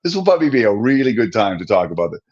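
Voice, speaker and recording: A man co-hosting a podcast, telling a story about himself in a lively, self-mocking way. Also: on the low side, very fast, highs cut off. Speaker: podcast co-host. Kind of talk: casual podcast conversation.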